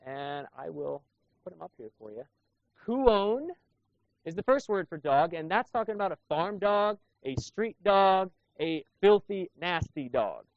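A high-pitched, sing-song male voice, a little slow and free of room sound, belongs to a pastor preaching conversationally. He asks his congregation rhetorical questions, and the audio is dull and lo-fi.

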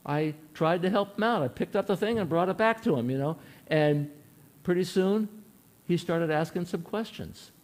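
A man's voice: high voice, moderate pace. A man preaching a sermon in an earnest, folksy way, telling a personal story and asking his listeners questions.

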